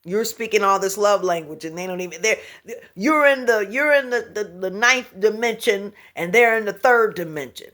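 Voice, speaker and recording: Speaking at a moderate pace in a medium-pitched voice, a middle-aged spiritual speaker delivers a motivational talk for her vlog. She stays animated throughout, frequently laughing and sometimes falling to a whisper.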